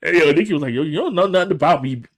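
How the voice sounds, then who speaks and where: A man on a podcast couch chatting loosely about a sitcom episode, with a slightly raised voice. He keeps slipping into the characters' lines, jumping high and dropping low as he acts them out. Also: expressive, rapid-fire. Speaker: podcast co-host. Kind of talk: casual chat recapping a TV episode.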